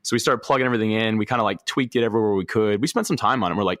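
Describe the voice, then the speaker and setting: A man hosting a podcast interview, asking questions and telling an animated personal story, acting out the people he quotes. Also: fairly low pitch, racing, a little hiss or hum. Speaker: podcast host.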